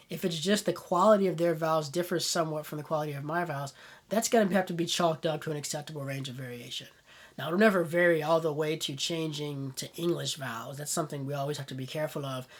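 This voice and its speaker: Husky-voiced man giving a relaxed lesson. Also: on the high side. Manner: relaxed, thinking aloud with many fillers. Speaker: Latin teacher. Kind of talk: casual spoken lesson.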